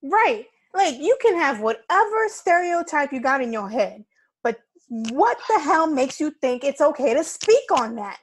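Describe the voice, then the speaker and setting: Woman podcast co-host, slightly high voice, blunt, casual back-and-forth. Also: very animated, measured pace. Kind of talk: casual chat.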